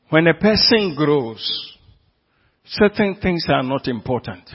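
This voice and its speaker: A man's voice: a little high, lively intonation, takes it slowly, pauses often, husky, dull audio. A man preaching a sermon as pastor, pressing the congregation with repeated questions.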